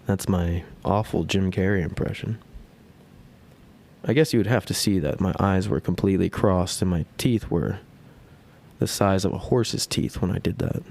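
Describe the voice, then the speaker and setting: A man's voice: low-pitched, moderate pace, creaky, a little mellow. A man in his thirties hosting a casual solo podcast, talking in a crude, profane and self-mocking way. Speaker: podcast host.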